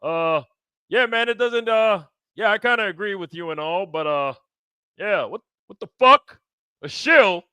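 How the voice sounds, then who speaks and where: Man doing a shrill, affronted buddy bit, loud and off-mic, cursing in disbelief. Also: expressive, measured pace, smooth, no room sound, exaggerated voice. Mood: outraged. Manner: profane, exasperated outbursts. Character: indignant man accused of being a shill.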